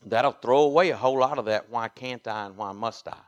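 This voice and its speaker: A man with a Mississippi drawl preaches from the pulpit. His voice sits at an ordinary middle pitch, and he moves between hushed asides and forceful, rising exhortation. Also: a little fast, highs cut off. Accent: Southern US, Mississippi. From Mississippi, USA. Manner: emphatic preaching, swinging from quiet asides to loud exhortation. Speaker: pastor. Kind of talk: sermon.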